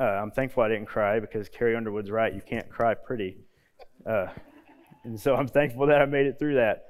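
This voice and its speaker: A man in his thirties, a youth pastor, preaching a casual sermon with homey stories and quiet, low emphasis on key points. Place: church hall. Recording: long hall reverb.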